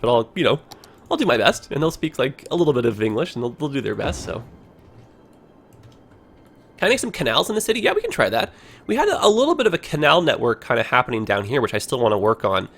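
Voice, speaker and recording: A man's voice: medium pitch, a bit bright. A man hosting a game livestream, talking in a rambling, chatty way full of "like". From Ontario, Canada. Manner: rambling, chatty, heavy use of "like". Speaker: livestream host. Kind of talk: casual game livestream commentary.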